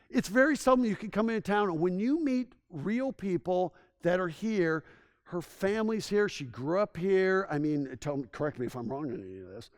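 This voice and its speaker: A man's voice: high-pitched, sing-song, moderate pace. A man giving a public presentation to a town as a tourism consultant, telling stories in an enthusiastic, conversational way and often restarting his sentences.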